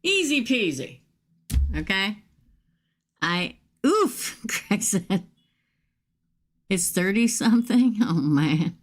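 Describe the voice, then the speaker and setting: A woman's voice: medium pitch, very animated, takes it slowly, pauses often. A woman tarot reader, chatting casually and folksily with viewers during a livestream reading.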